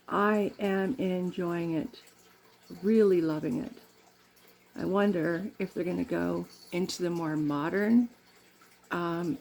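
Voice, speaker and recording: A woman's voice: medium pitch, vocal fry, dark tone. A middle-aged woman from Canada chatting in a rambling way while doing her makeup, laughing often. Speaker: makeup vlogger.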